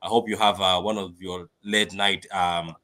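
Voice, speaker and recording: A man hosting a fan live stream, chatting excitably about a match and reading viewer comments aloud with lots of repetition. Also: low voice, moderate pace. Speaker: fan channel host.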